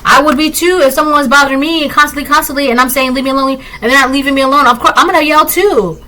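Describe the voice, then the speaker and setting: A woman's voice: sits high, fast talker, pushed and bright, slight background noise, poor audio. A woman doing a casual tarot reading, talking emphatically and often tagging lines with "right?". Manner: emphatic, repetitive, rhetorical "right?" asides. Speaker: tarot reader.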